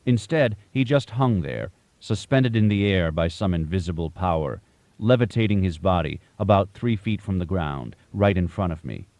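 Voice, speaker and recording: A man reads a first-person audiobook in a measured, storytelling way. His voice is very low. The recording is close and dry. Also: lively intonation, darkish tone, dry recording. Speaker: audiobook narrator.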